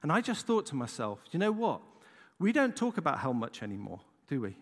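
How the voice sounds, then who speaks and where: A middle-aged Englishman with a fairly quick, high-ish voice delivers a storytelling sermon, recounting events dramatically and animatedly. He checks in with listeners often, adding "right?" as he goes. The recording has a long hall reverb.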